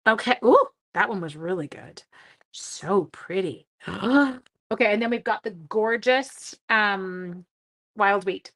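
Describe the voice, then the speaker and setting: A woman's voice: mid-range voice, slow pace, a bit bright. A middle-aged woman from Canada hosting a papercraft live stream, chatting casually and self-deprecatingly with viewers while she works. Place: home craft room.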